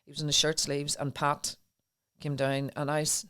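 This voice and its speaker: A woman's voice: low-pitched, flat delivery, normal speed, a bit bright. A middle-aged woman, a podcast guest telling her own story earnestly and with feeling. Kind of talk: personal storytelling in a podcast interview.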